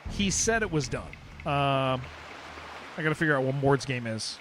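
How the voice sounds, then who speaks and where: A man's voice: medium pitch, expressive, normal speed, a bit bright, a little hiss or hum. A young man from San Diego with a Californian accent, chatting casually and rambling as he streams a game, often saying dude. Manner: rambling, restarts sentences, says dude a lot. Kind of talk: casual live-stream chat while gaming.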